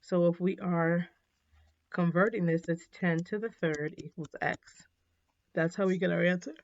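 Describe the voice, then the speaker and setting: A woman teaching a math lesson in a casual, chatty way, with frequent ums and quick apologies for her slips. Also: lowish voice, steady tone, darkish tone. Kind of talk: recorded classroom lesson. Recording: dull, slightly lo-fi.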